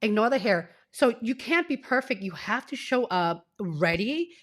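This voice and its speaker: A woman's voice: a little high, very animated, normal speed. A woman career coach in her forties speaking to live-stream viewers, sick and tearful, effusive and emotional. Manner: emotional, effusive, talks straight to the audience.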